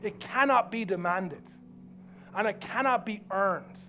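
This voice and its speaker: A pastor delivers an earnest sermon in a strikingly high voice for a man. He preaches emphatically and drops to soft, low lines to make his points land. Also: unhurried, soft background music.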